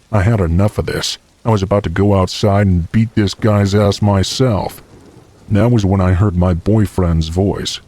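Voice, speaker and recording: A man calmly narrating a scripted first-person horror story. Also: low voice, no room sound.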